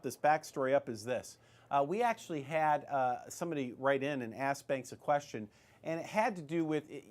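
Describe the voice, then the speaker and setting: A man hosting a show on retirement investing, talking in a chatty, rambling way with many fillers and restarts. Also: a little high. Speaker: financial advice show host. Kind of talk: casual retirement-investing advice talk.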